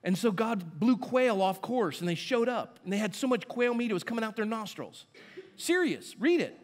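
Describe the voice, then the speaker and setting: Male pastor, fairly high voice, chatty sermon delivery with rhetorical questions. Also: brisk. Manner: conversational preaching with rhetorical questions; asides to the congregation.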